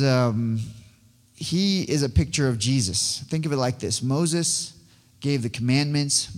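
A man giving a rambling, excitable personal testimony as a guest speaker, often stumbling and restarting his words. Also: mid-range voice. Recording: long hall reverb.

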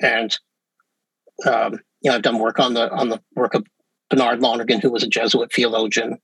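A man's voice: mid-range voice, fairly even intonation, moderate pace, a bit bright, breathy edge, no room sound, poor audio. A man with an English Canadian accent, a professor chatting easily as an interview guest, with many fillers and restarts. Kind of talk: casual interview talk.

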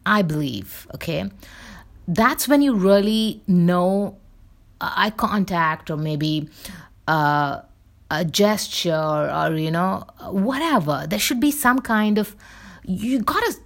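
Rambling, creaky-voiced woman podcaster. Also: lowish voice. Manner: rambling, full of fillers and tangents. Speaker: podcast host. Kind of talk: casual rambling monologue.

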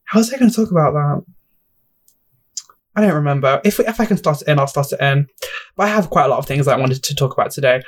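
A young man hosts a solo podcast, chatting easily in an ordinary-pitched voice. He gushes, laughs at himself, wanders off topic and apologizes frequently.

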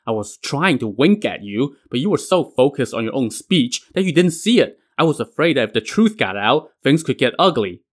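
A man's voice: mid-range voice, very animated, moderate pace, few pauses. A man voicing a loyal general who pleads and argues urgently, in a told story. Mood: pleading. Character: loyal, pleading male general, a sworn brother.

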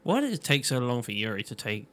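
A man's voice: medium pitch, sing-song, fast talker, fairly bright tone. A man chatting casually as a podcast co-host, sarcastic and swearing often. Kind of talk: casual chat.

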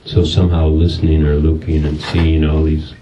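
A man speaking as a spiritual teacher to a retreat group, musing in loose, pausing phrases. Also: extremely low pitch, monotone. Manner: slow, musing, loosely phrased with many pauses. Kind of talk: reflective talk to a retreat group. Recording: distant, dull lo-fi recording with noise.

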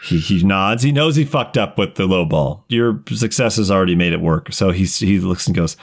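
A man's voice: low-pitched, normal speed, hardly any pauses. A man narrating as game master in a tabletop role-playing game, laughing often and swearing freely. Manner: laughs often, animated and profane.

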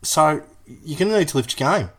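A man hosting a jokey comedy podcast, excitable and laughing often. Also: fairly high pitch, brisk. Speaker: podcast host.

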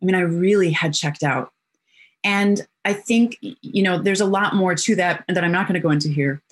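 A middle-aged woman with a somewhat low voice talks as an interview guest. She recounts personal stories openly and vividly, and she briefly plays the other people in them as she goes. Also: normal speed. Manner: animated storyteller who acts out quotes.

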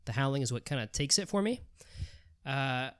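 A man in a casual chat, talking in a measured, thoughtful way. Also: medium pitch, animated, a bit bright, clean tone.

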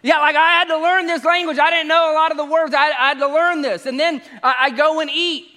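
Bright, high-voiced pastor. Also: male voice, fairly quick. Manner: animated storyteller, acts out exchanges. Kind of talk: sermon with humorous travel stories. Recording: echoey hall reverb.

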